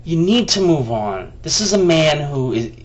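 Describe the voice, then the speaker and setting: A man's voice: on the high side, sing-song, normal speed, a little hiss or hum. A man venting to the camera in a heated, profane rant. He often restarts his sentences, and he talks to himself by name. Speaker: vlogger.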